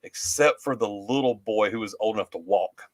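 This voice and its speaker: A man with a lowish voice rambles through a casual story, laughing often and restarting his sentences. His voice sounds close and dry. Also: normal speed, dry recording. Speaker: co-host.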